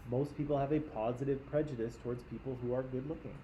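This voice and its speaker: A man's voice: mid-range voice, fairly even intonation, quick pace, background noise. A man from Canada, teaching a class in a conversational lecture and often checking in with his listeners.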